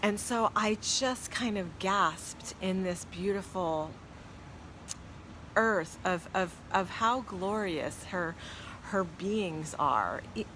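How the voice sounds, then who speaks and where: A woman's voice: fairly low pitch, fairly bright tone, a little hiss or hum. A woman hosting a spiritual live stream, telling a personal story to viewers in an earnest, reverent, awed way and reading out their comments.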